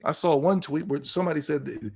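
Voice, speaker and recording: A man's voice: a little high, fast, gravelly. A man hosting a podcast, giving casual gaming news commentary in a sarcastic, emphatic rant with laughs between remarks. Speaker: podcast host.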